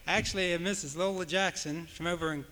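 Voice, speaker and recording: A man's voice: high-pitched, fairly even intonation, fast, sharp tone. A man, emceeing an old-time music show on a stage microphone, in an easygoing, folksy manner. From West Virginia. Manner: folksy, easygoing, with homespun phrasing. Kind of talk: live stage announcing. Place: hall at a live music event. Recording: echoey hall with long reverb.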